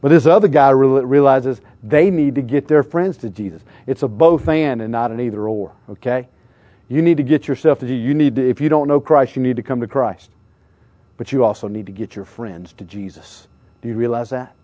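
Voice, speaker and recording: A man preaching a lively youth sermon, slangy and full of questions to his listeners. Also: medium pitch, fairly quick, no room sound, dull audio. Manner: acts out crowd voices, slangy, calls out questions to listeners. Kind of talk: animated sermon.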